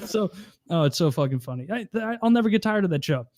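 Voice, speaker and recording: A man chatting as a podcast host. He retells scenes with animated energy, laughing and swearing. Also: high-pitched, fast talker, no echo, studio quality. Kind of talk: casual podcast chat.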